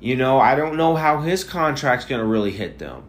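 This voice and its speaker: A man's voice: medium pitch, expressive, normal speed. A young man hosting a casual solo sports podcast, tired and yawning, rambling with strong opinions and frequent restarts. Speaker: podcast host.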